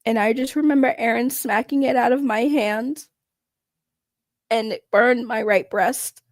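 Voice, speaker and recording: A woman's voice: a little high, steady tone, no echo, lightly acted. A woman acting as a tearful young former coffee girl who stops often and chokes up. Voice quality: halting and choked up, with many pauses. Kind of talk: mock testimony acting.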